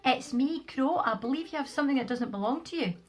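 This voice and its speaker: Woman playing a bossy storybook crow, loud and commanding, with a lively high voice over faint guitar. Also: moderate pace. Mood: firm. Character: helpful bossy male crow.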